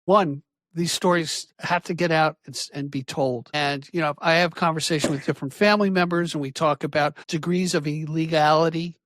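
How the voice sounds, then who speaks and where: A man's voice: a little high, steady tone, fairly quick, a bit bright, a little hiss or hum. A man hosting a conversational interview who speaks with passion and emphasis and gets worked up as he talks.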